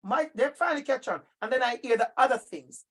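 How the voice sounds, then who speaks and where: A middle-aged man with a Jamaican accent leads a training session for teachers. His delivery is emphatic and animated, and he often calls on listeners by name as he speaks. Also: very high voice, brisk, breathy edge. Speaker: workshop presenter for teachers. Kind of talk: lively professional-development talk.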